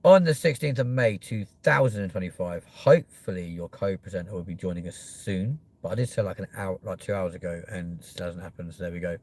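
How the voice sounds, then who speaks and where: Brief: young guy, lowish voice, sweary live-stream host riffing loosely with chat. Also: fairly quick, few pauses, a little mellow. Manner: sweary, jokey, chatty with viewers.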